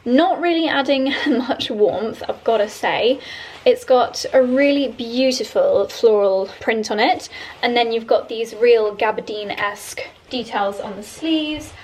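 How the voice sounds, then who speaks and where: A woman's voice: a little high, a little slow, distant mic. A young woman vlogging about fashion, chatty and giggly, thinking aloud while she tries on clothes at home. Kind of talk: casual vlog chat. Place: room at home, trying on clothes. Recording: echoey room, voice from off-mic.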